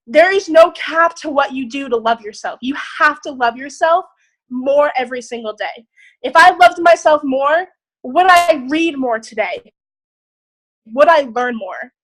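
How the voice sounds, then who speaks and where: A young woman leading a group on a video call, giving an excited, emphatic motivational talk with casual swearing. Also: high-pitched, low-quality recording. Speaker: group leader.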